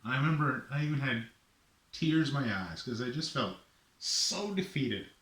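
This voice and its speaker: A middle-aged man telling a personal story in an animated way, acting out the voices of himself and his father. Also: medium pitch, normal speed. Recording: echoey room.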